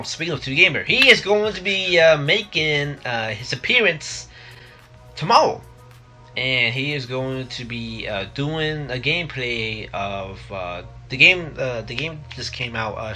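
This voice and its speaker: Young man, casual vlog talk, bright voice, rambling, close mic. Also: medium pitch. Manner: rambling, many fillers and restarts. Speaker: vlogger. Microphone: close desk mic.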